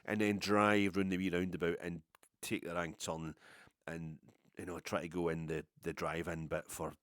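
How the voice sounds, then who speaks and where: Deep-voiced rambling Scottish man. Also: flat delivery, moderate pace, fairly bright tone, dry recording, clean studio sound. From Scotland. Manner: rambling, self-deprecating storyteller with swearing. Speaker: podcast host. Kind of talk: casual rambling monologue.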